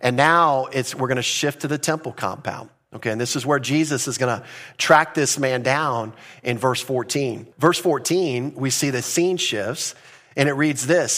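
A man preaching a verse-by-verse sermon as pastor, earnest and teacherly, often repeating words and slowing down to stress a phrase. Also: mid-range voice, a bit bright. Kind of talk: expository sermon.

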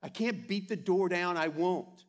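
A pastor preaching a sermon to his church with earnest, animated delivery and playful asides. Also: high voice, unhurried. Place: church sanctuary.

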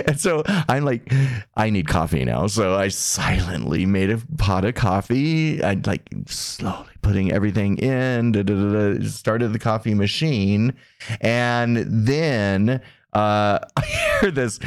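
A man's voice: medium pitch, a little slow. A man co-hosting a podcast, telling an anecdote in casual chat, acting out sounds and laughing often. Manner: animated storyteller, laughs often, acts out sounds. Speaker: podcast co-host.

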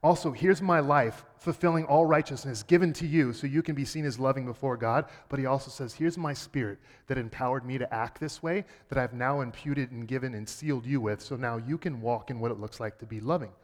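A man delivers a sermon from the pulpit in a middle-range voice. He drops quiet and then lifts into emphatic peaks. Long reverb hangs behind him, as in a large church hall. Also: medium pitch, fairly quick, hardly any pauses. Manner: earnest preaching, swings from quiet to emphatic. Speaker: pastor.

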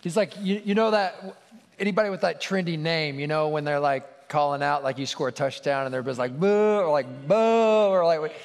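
A man's voice: a little high, fairly even intonation, quick pace. A man hosting a church gathering in an informal, encouraging way, with short affirmations as he invites people to speak. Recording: echoey hall with long reverb and a faint crowd.

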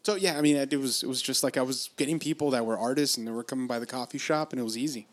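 A laid-back man from Los Angeles rambles through a casual podcast chat at a middling pitch. He swears freely and often breaks into laughter. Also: racing.

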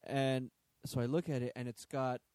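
A man chats casually, often stammering and restarting mid-sentence. His voice is warm and relaxed, and the recording is close and dry. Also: medium pitch, normal speed, clear, resonant tone, no room sound. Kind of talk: casual chat.

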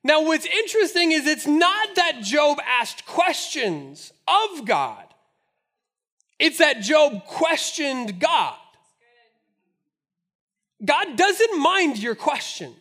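A man preaching a sermon, lively, acting out the voices in the scripture he reads. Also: very high voice, takes it slowly, long pauses. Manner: animated, acts out scripture voices. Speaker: pastor.

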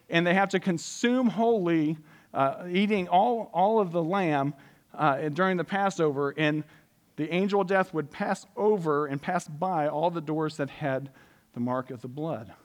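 High-voiced male preacher, conversational. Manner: conversational, drops voice soft and slow for emphasis. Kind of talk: sermon, reading and explaining scripture.

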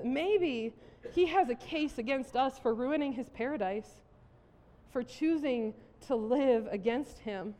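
A woman pastor preaching a sermon, telling a story about herself in an animated way and laughing at herself. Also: fairly high pitch, in a large hall. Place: church sanctuary.

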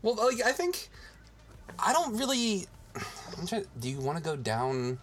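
Man, casual podcast chat, very lively intonation, laughs often, swears, faint music behind. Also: high voice, unhurried. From Virginia. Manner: animated, laughs often, swears, mimics accents. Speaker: podcast co-host.

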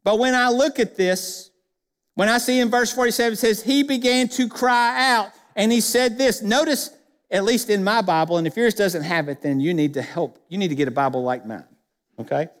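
High-voiced male pastor in a reverberant church. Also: moderate pace. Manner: emphatic, addresses the church directly with questions. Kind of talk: sermon. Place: church sanctuary.

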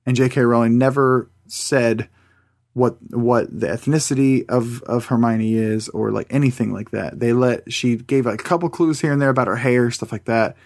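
Gravelly halting podcast co-host man. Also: mid-range voice, fairly even intonation, darkish tone. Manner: halting, repeats words, swears. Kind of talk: casual podcast banter. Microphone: computer mic on a video call.

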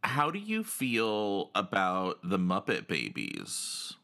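A man with a fairly low but bright, forward voice talks in a relaxed back-and-forth. His pitch swings widely as he slips into playful impressions of others. The tone stays loose and conversational throughout. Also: slow pace, vocal fry. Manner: animated, acts out voices with laughs. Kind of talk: casual chat.

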